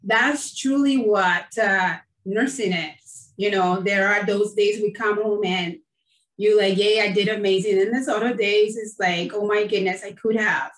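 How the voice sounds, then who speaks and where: A woman's voice: medium pitch, fairly even intonation, a little slow. A woman nurse hosting an online interview show, talking casually and effusively with many fillers. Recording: roomy, distant from the mic.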